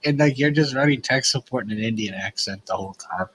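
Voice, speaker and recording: A man's voice: mid-range voice, fast talker, fairly bright tone, slightly rough, poor audio. A man co-hosting a casual radio talk show who teases his friends. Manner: teasing. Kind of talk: casual comedic chat.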